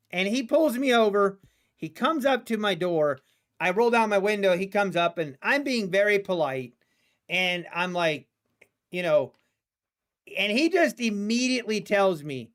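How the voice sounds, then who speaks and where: A man's voice: sits high, a bit bright. An American man streaming live, telling a long story in a loose, rambling way, with many restarts and asides to his chat. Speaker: day-trading livestreamer. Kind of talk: casual storytelling on a livestream.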